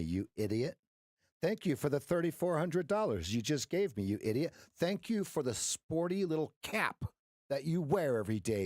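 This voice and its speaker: A man's voice: a little high, a little mellow, no room sound, clean studio sound. A man voicing a mocking female personification of the market who taunts losing traders. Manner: sneering, taunting.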